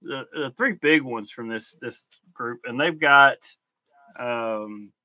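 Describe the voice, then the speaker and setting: Bright-voiced man talking toys casually. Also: medium pitch, slow pace, no echo. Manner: relaxed, hesitant, many ums while explaining. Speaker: podcast co-host. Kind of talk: casual podcast chat.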